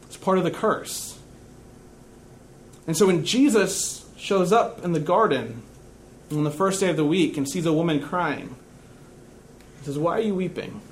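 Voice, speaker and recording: A man preaching a sermon in a church, earnest and measured, dropping to a hushed tone in reflective stretches. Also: on the high side, a little hiss or hum. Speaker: pastor.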